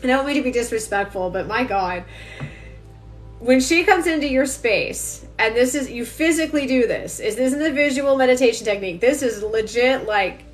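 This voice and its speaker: Speaking fast and with emphasis, a woman addresses viewers directly as she offers an intuitive energy reading on a casual phone livestream. Her voice is on the high side and expressive, with faint music playing behind her.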